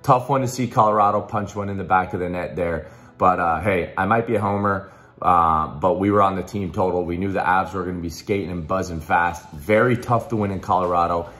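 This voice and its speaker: A man giving sports betting picks in a casual promotional pitch, hyped and pushy, full of fillers and restarts, his voice a little hoarse. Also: steady tone, fairly quick, fairly bright tone. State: slightly hoarse.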